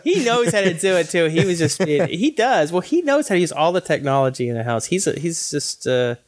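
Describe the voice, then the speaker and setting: A man in his thirties chats with a slightly raised pitch and a voice that rises and falls a lot. He tells stories with energy and jumps into other voices for the quotes. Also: a little fast. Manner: animated storyteller who acts out quotes. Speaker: podcast co-host. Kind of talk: casual chat.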